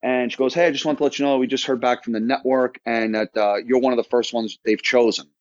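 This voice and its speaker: A man's voice: mid-range voice, fairly even intonation, fast talker, no echo, muffled recording. A man in his thirties from Florida, a podcast guest telling his story in a casual, rambling way full of restarts and quoted dialogue. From Florida, United States.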